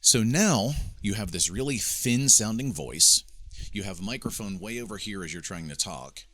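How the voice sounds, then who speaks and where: Speaking at a normal speed, a man with a lowish, animated voice comes across bright and forceful, with no echo. Working from a home studio equipped with a mixing board, he swaps handheld microphones as he coaches speakers through mic technique in a casual, step-by-step instructional video demo.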